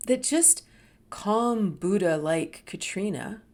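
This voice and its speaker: A woman in her fifties hosting a talk, telling her own story in a candid, expressive way that dips into soft murmurs and rises with emphasis. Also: medium pitch, slow. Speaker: host sharing a personal story. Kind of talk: reflective personal storytelling.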